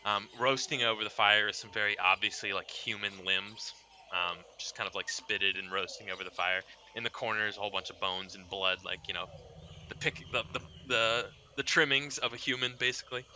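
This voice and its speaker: A man with a low, very bright voice runs a tabletop game as game master. He narrates loosely, full of fillers and restarts, over a faint hiss. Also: steady tone, brisk. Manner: loose, hesitant, lots of fillers.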